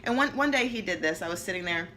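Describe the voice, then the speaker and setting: A woman vlogger rambling candidly at home about family life, chatty and self-deprecating with quick jokes, recorded on a hand-held phone. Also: lowish voice, animated, bright, forceful tone, a little hiss or hum. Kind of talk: casual personal rambling vlog. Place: at home, seated. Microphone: phone camera held in hand.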